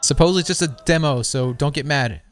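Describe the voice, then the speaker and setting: A man hosting a casual gameplay commentary, playful and quick to laugh. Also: on the high side, faint music behind. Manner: playful and giggly. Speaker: host.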